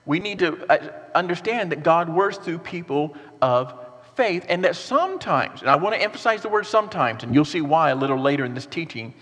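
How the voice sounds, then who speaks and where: Male pastor, slightly high voice, lively sermon delivery, long hall reverb. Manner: earnest, animated preaching with rhetorical questions.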